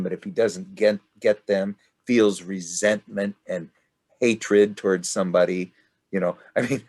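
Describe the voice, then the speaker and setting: An older man leading a study group discussion, rambling and halting with many restarts. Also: deep voice.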